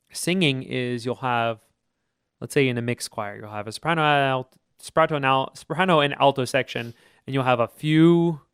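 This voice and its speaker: Smooth-voiced man explaining choir technique. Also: mid-range voice, no room sound, studio quality. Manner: explains at length, with teacher's jargon and restarts. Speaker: choir teacher and podcast co-host. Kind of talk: casual explanatory chat.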